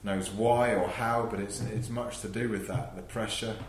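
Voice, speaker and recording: Low-voiced man in an echoey room. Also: fairly even intonation, normal speed, a little hiss or hum. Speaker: podcast co-host. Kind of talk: casual chat.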